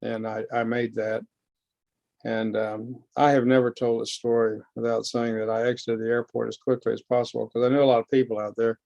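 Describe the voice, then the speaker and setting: Gravelly-voiced man sharing his recovery story. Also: mid-range voice, level tone, mellow, no room sound, dull audio. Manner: slow, halting, heartfelt storytelling. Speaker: guest speaker. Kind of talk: personal recovery testimony. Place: lecture hall.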